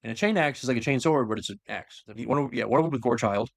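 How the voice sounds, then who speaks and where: A man's voice: medium pitch, racing, creaky, no echo, clean studio sound. A man casually retelling a story in a loose, rambling way with many fillers. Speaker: lore explainer. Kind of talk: casual lore chat.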